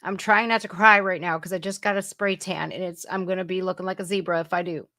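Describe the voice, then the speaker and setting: A woman's voice: fairly low pitch, fairly even intonation, quick pace, bright, forceful tone, no echo, clean studio sound. A woman in her forties hosting a casual political reaction livestream, blunt, profane and sarcastic. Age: 40s. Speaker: livestream host.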